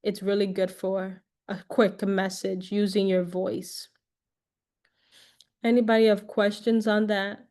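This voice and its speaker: A woman leads a relaxed online tech class, speaking in an easy, chatty way at an ordinary mid pitch. She repeats herself as she goes, drops in fillers, and checks in with her learners. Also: slow. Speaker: class instructor. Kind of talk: casual tech class teaching.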